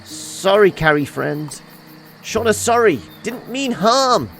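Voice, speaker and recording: A man voicing a gentle young woman who talks in broken, simple phrases, soft and apologetic. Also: sits high, sing-song, slow, vocal fry, soft background music, pitched above the performer's own voice, heavily acted. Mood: sheepish.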